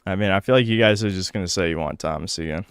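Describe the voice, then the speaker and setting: A man's voice: deep voice, racing, clear, resonant tone. A man streaming a video game, who grumbles, swears at the game and chats casually with his viewers. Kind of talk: casual live-stream commentary.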